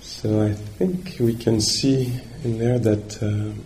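A man's voice: fairly low pitch, steady tone, slow, a little mellow, a little hiss or hum. A man giving a dharma talk as a meditation teacher, searching for words and checking in with his listeners.

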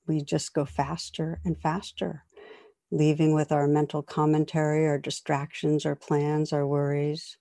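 Low, mellow woman teaching meditation. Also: measured pace, vocal fry, no room sound, clean studio sound. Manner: calm, reflective, tells gentle jokes. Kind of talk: dharma talk.

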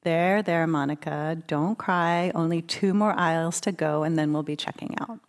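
A woman voicing a calm, patient young mother who talks in a soothing, serene way, in a story she tells. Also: sits low, moderate pace.

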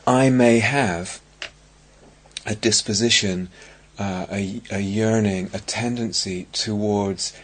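A man giving a dharma talk as a meditation teacher on a retreat. He speaks slowly and searchingly, with many pauses and restarts. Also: on the low side, steady tone.

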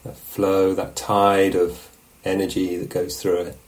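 Low-voiced man giving a relaxed dharma talk. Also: a little slow, low-quality recording. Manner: relaxed, conversational, often checks in with "yeah?"; reflective, musing, asks questions of the listeners. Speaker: meditation teacher. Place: meditation hall.

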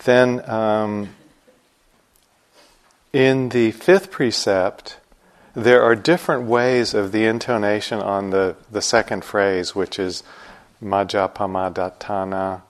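A middle-aged man giving morning instructions at a meditation retreat, unhurried and gently joking as he explains a chant. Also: fairly low pitch, fairly even intonation. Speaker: meditation teacher.

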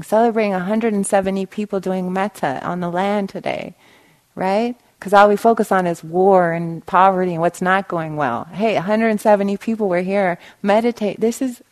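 A woman's voice: mid-range voice, low-quality recording. A woman meditation teacher giving a dharma talk, often checking in with listeners and telling a story. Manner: warm storytelling with frequent "right?" asides. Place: meditation hall.

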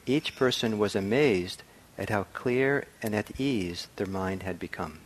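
A middle-aged man giving a meditation talk, reflective and soft-spoken, pausing often with ums and restarts. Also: fairly low pitch. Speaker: meditation teacher. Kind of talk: dharma talk. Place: meditation hall.

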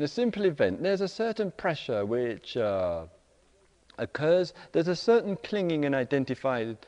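Brief: male meditation teacher, middle-aged, animated storyteller, mid pitch, recorded in an echoing hall. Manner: animated storytelling, acts out quoted voices. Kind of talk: dharma talk to retreat audience. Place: retreat center meditation hall.

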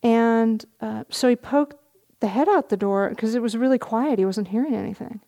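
A middle-aged woman, a meditation teacher, giving a dharma talk at a retreat, telling a story gently with soft laughs. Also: fairly high pitch, normal speed.

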